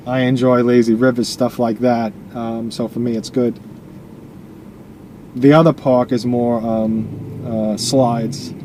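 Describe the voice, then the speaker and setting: Male tour-guide driver, mid-pitch, dry-throated, rambling, recorded in a car with heavy road noise. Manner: rambling, many fillers and restarts. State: dry, losing his voice. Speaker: real estate agent giving a driving tour. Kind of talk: casual driving-tour narration. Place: inside a moving car. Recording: loud car and air-conditioning noise.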